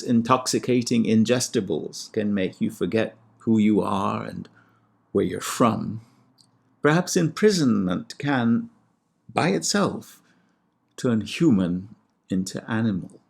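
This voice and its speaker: A man, a classics scholar, giving a measured and precise lecture on ancient poetry with a lightly wry touch. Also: lowish voice, animated, gravelly, a little mellow, husky. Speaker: classics scholar and podcast host. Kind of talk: scripted lecture with recited Greek verse.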